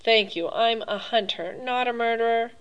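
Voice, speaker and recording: A woman's voice: a little high, moderate pace, clear, resonant tone, dull audio, natural voice. A woman reading an audiobook, voicing a stiff, principled young male hunter who speaks curtly and with indignation. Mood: stiff, indignant.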